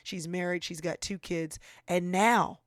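A woman in her forties, speaking as an author and guest in an interview on faith and prayer, talking in an earnest, animated, preacherly way. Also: on the low side, a little slow, dry recording, clean studio sound. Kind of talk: faith-based conversational interview.

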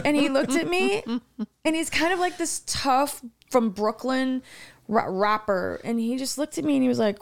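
A woman in casual chat, telling stories in an animated way and swearing often. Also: high voice, moderate pace, creaky.

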